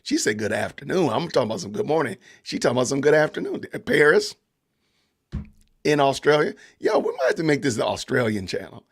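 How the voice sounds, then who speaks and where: A man's voice: medium pitch, wildly swooping pitch, brisk. A man hosting a live-stream podcast, commenting on a trial with emphatic repetition and reading out greetings from chat viewers. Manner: emphatic, repeats himself for stress. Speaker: podcast host.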